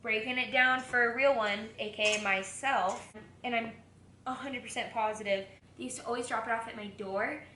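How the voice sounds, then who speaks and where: A woman's voice: fairly high pitch, steady tone, moderate pace, sharp tone, reverberant, slight background noise. A young woman vlogging while she cooks in her home kitchen, chatting candidly, giggling often and swearing freely. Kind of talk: casual chat.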